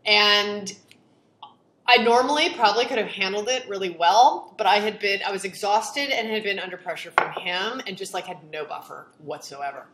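A woman telling a personal story in a casual chat, animated and full of "like", acting out what people said. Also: mid-range voice, moderate pace, a little hiss or hum. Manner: animated, acts out quotes, lots of "like". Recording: echoey room.

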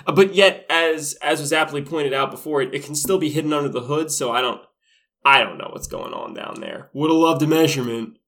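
A man co-hosting a podcast, recapping a show in a crude, rambling, deadpan way. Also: fairly high pitch, brisk. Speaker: podcast co-host. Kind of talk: casual comedic recap.

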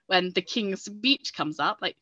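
A woman co-hosting a podcast in casual chat, telling stories animatedly and acting out her own shouts. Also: mid-range voice, lively intonation, unhurried, no room sound, highs cut off. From England. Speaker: podcast co-host.

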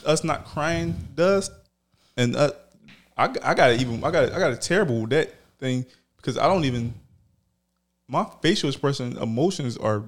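A man's voice: medium pitch, animated, normal speed. Plain mid-voiced man, blunt podcast co-host. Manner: short agreeing interjections, plain blunt speech. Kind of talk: candid podcast conversation.

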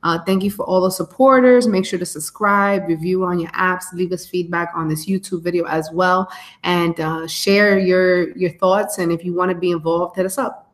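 A woman co-hosting a podcast live, chatting casually with slang and shout-outs over a phone mic. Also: fairly low pitch, steady tone, moderate pace. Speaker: podcast co-host. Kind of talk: casual live-stream chat.

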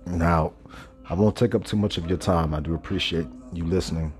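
Man, low voice, stoned, laid-back podcast monologue, self-correcting, soft background music. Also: fairly even intonation, brisk. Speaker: podcast host. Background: faint background music.

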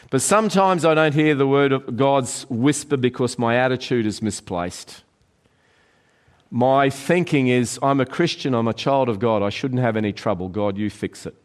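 A middle-aged pastor delivers an earnest sermon in a mid-pitched voice. He often slows down and softens to a near hush on key phrases, then picks up again. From Australia.

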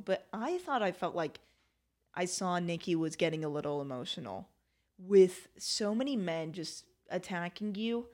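A woman's voice: lowish voice, darkish tone. A woman hosting her own podcast, giving chatty, opinionated political commentary with frequent laughs. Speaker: podcast host.

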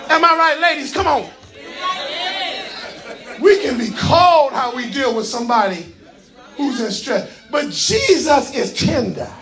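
A male pastor preaching a sermon in a fervent call-and-response style, often shouting and coaxing the congregation with folksy asides. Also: very high voice, expressive, measured pace, pauses often, soft background music, some chatter behind, rough recording. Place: church sanctuary with congregation.

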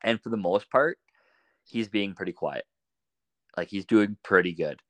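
Low-voiced man telling lively hunting stories. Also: measured pace, no echo. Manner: animated anecdotes, laughs often. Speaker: podcast guest. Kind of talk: casual storytelling.

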